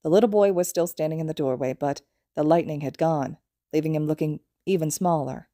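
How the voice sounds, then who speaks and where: A woman narrating fan fiction as an audiobook, in a calm, even storytelling manner. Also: low voice, fairly quick, dry recording, clean studio sound. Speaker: podfic reader.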